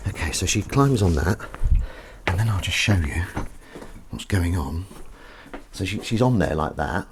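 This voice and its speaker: A man chats casually on a home live stream as he washes up, rambling to viewers and to his cat. His voice sits fairly low but swings wide and lively in pitch. Faint background noise runs under the recording. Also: a little slow, long pauses. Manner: rambling, chatty, talks to viewers and his cat, sings little tunes. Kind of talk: casual live-stream chat while washing up. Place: home kitchen.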